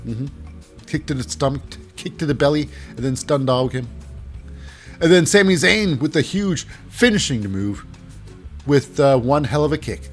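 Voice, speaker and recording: A man giving a casual wrestling recap, animated, with hesitant fillers and silly voices. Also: medium pitch, moderate pace, faint music behind.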